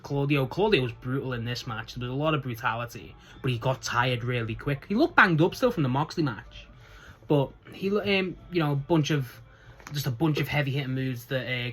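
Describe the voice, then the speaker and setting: A man's voice: medium pitch, fairly bright tone. A man giving a casual solo review recap, chatty and rambling, gushing enthusiastically and laughing as he goes. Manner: enthusiastic, gushing about favourites. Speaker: wrestling show reviewer.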